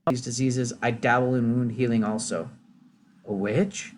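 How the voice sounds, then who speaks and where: Guy putting on a witch lady, fake accent, calm and a bit knowing. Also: mid-range voice, measured pace, slight background noise, natural voice, low-quality recording. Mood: wry. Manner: put-on accent. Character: self-assured woman witch and healer.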